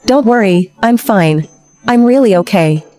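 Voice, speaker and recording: A woman voicing a reborn young secretary, dubbed drama, playful asides, middle pitch. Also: expressive, measured pace, dark tone, faint music behind, natural voice. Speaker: secretary Rachel.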